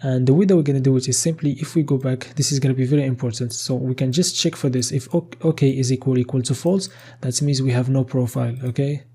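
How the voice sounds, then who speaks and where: A man with a mellow, slightly husky voice walks through a programming tutorial while he types. He thinks aloud, says "okay" often and restarts his sentences casually. Keyboard typing is heard behind him. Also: medium pitch, fairly even intonation, quick pace, hardly any pauses. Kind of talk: screen-recorded coding tutorial.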